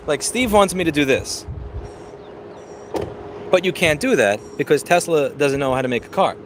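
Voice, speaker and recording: A man's voice: a little high, a little hiss or hum. A man hosting a casual driving vlog, ranting bluntly and sarcastically with lots of swearing while demonstrating a car door. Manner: blunt, profane, sarcastic rant. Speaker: vlog host. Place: in and around a car outdoors.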